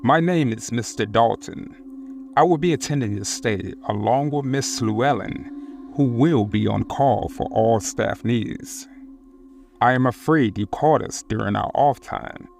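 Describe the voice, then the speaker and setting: A man doing a slow, eerily polite concierge. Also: mid-range voice, creaky, darkish tone, soft background music. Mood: formal. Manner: slow, formal, measured. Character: large formal male resort concierge, eerily polite.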